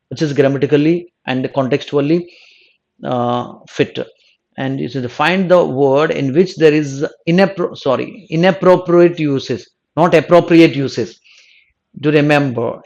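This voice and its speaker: A slightly high, darkish male voice on lo-fi sound: a South Indian exam coaching teacher working through test answers. He repeats himself, keeps restarting and rephrasing midway, and often asks "no?".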